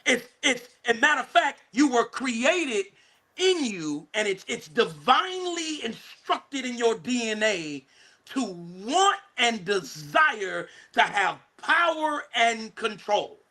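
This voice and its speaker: A man teaching a spiritual class in a lively preaching style, repeating words, restarting phrases and speaking straight to his listeners, sometimes rising to a shout. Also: extremely high pitch, slow pace. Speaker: guest speaker, licensed therapist.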